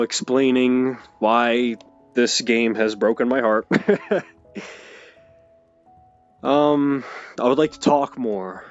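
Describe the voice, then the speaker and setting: A young man telling an emotional personal story, halting and hesitant with many restarts. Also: lowish voice, smooth, muffled recording. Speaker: video creator.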